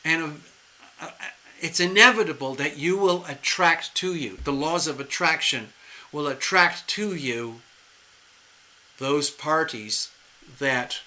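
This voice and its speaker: A man reads tarot on a live stream, talking in a chatty, playful way. His voice sits somewhat high and sounds bright and forward. He keeps the delivery animated and conversational. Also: slow, rough recording. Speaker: tarot reader.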